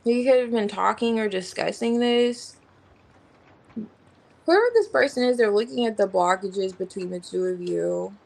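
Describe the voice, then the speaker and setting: A tarot reader gives an informal, slangy reading, musing aloud and rambling while she names the cards. Her mid-range voice is gravelly with a darkish tone, her pace moderate, and the audio quality poor.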